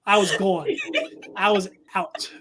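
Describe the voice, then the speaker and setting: A man's voice: high-pitched, steady tone, takes it slowly, a bit bright, slight background noise. A man telling a story as a guest paranormal investigator, talking casually with many fillers and restarts.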